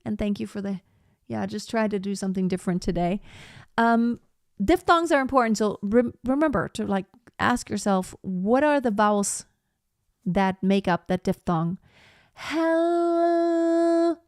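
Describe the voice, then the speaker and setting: A woman teaching a live online singing lesson, explaining slowly and breaking off to sing short phrases as demonstrations. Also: medium pitch, no echo, studio quality.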